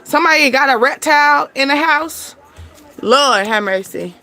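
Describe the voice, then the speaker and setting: A woman doing a casual tarot reading, chatty and animated, breaking into laughter as she tells stories. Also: sits high, normal speed, faint music behind. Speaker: tarot reader.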